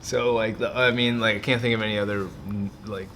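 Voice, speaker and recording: Low-voiced man in casual podcast chat. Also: a little fast, a little hiss or hum. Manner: relaxed, filler-heavy, chatty. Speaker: podcast co-host.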